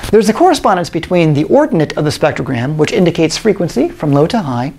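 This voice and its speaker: A middle-aged man giving a recorded college lecture, explaining in a measured way with frequent pauses and fillers. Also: a little high, big pitch swings, vocal fry, a little mellow, slight background noise.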